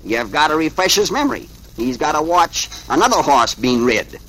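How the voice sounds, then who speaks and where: A man's voice: a little high, big pitch swings, normal speed, pushed and bright, a little hiss or hum, voice pushed up, poor audio. Man voicing an old cowboy, folksy drawl, slightly raised.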